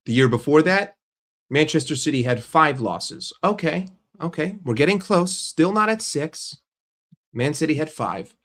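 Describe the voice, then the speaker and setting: A man ranting as a football fan vlogger, blunt and sarcastic, with swearing and repeated phrases. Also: mid-range voice. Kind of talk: casual fan rant to camera.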